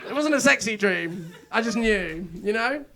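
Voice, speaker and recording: This male comedian's voice sits high, with lively intonation and a moderate pace, and the recording is very noisy. He rambles through self-mocking stories at a comedy club, drawing laughs throughout, with the crowd's laughter audible in the live room.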